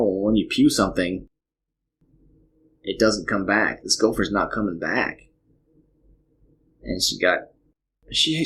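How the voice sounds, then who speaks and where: A man's voice: sits low, pushed and bright. A man in his thirties, a podcast host telling a casual story in a rambling way, full of "you know" asides.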